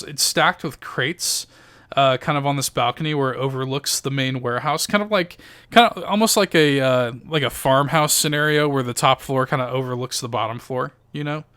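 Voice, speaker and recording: A man's voice: fairly high pitch, normal speed, fairly bright tone, smooth. A man narrating a tabletop role-playing game as game master, in a loose, chatty way full of fillers.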